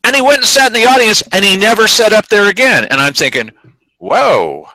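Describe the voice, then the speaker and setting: Male host, animated storyteller, bright voice, dry studio sound. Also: sits high, fast talker, no echo, rough recording. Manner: animated storytelling, acts out quotes. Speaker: show host. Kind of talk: casual chat.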